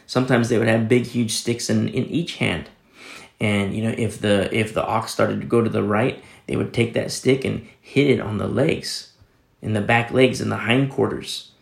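A man's voice: on the low side, steady tone, moderate pace, creaky, reverberant. A man pastor giving a conversational Bible teaching sermon, rambling with many restarts and sudden emphatic rises.

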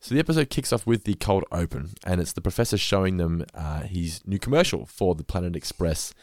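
Podcast host, male, very low voice, dry close sound, chatty quiz delivery. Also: expressive, a little fast, a little mellow, dry recording. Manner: chatty, stumbles and restarts, quizzes his co-host. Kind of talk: casual podcast chat.

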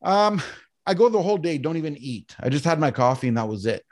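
A man's voice: on the high side, quick pace. A man, a podcast guest, telling a personal story in casual chat, acting out quoted dialogue and often tagging lines with "right?". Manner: animated, acts out quoted dialogue, frequent "right?".

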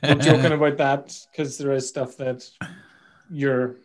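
Guy hosting a chatty podcast, cracks jokes, swears a lot, goes off on tangents, mid-pitched voice. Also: little pitch movement, measured pace. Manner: joking, swears freely, rambling asides. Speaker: podcast host. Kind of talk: casual interview chat.

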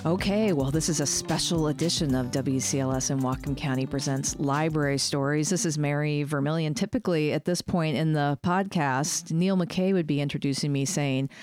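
A woman's voice: sits low, moderate pace, few pauses, a little mellow, faint music behind. A woman hosting a library podcast in a casual, chatty way, laughing easily. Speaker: podcast host. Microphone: studio microphone.

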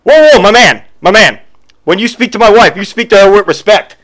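A man voicing an indignant husband who scolds loudly and puffs himself up. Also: sits high, lively intonation, fairly quick, voice pushed up. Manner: loud, puffed-up and scolding. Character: indignant macho husband, confrontational.

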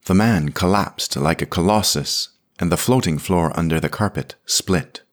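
A man narrating a scripted audio story in a measured, plain manner. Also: sits low.

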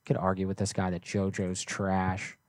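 A man's voice: low-pitched, monotone, moderate pace, no room sound, clean studio sound. Joking, swearing young man hosting a stream. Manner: joking, profane, offhand. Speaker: prank call streamer host. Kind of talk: casual livestream chat.

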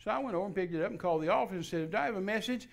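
Gravelly and high-pitched, this older Texan's voice races along as he gives a folksy personal testimony as a guest minister. He acts out the dialogue with animated quotes and keeps restarting his lines.

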